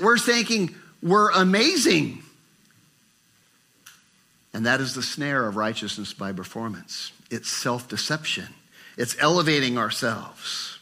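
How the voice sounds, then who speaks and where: An older man preaching a sermon, animated and acting out inner voices with rising pitch. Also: unhurried. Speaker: pastor.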